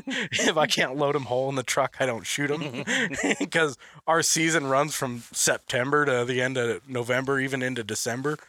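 Recorded cleanly in a studio with no room sound, this man talks about hunting in a loose, rambling way, saying "like" constantly and breaking into laughter a lot. His mid-range voice is pushed and bright, moving at a moderate pace.

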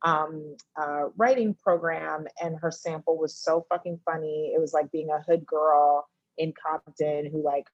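A woman in her thirties, a TV writer and director, talking casually as a guest and acting out her friends in sudden high-pitched bursts. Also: a little slow, few pauses, no room sound, dull audio. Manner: animated, acts out friends' voices in high bursts, laughs often. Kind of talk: casual conversation.

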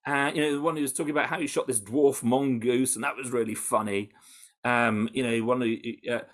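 A British man answering interview questions in an animated, conversational way, with frequent restarts and fillers. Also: mid-range voice. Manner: animated, full of restarts and "you know". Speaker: campaigner interviewed about undercover research.

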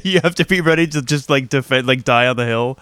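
A man's voice: medium pitch, fast talker, a bit bright, smooth, no room sound. A man co-hosting a podcast in casual chat, reacting and asking follow-up questions. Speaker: podcast co-host.

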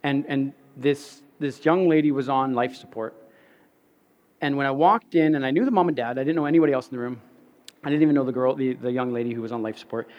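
A man's voice: medium pitch, muffled recording. A man pastor preaching a sermon, telling stories animatedly, repeating words and laughing at himself.

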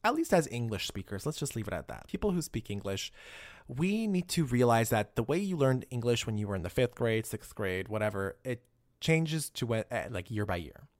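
A man's voice: medium pitch, big pitch swings, normal speed, no echo, studio quality. A man in casual podcast chat, talking animatedly and acting out quoted voices.

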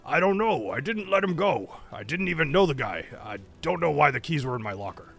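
A man's voice: a little high, lively intonation, fast talker, a bit bright. A man voicing a distressed male orc sailor pleading his innocence. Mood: panicked. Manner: pleading, panicked.

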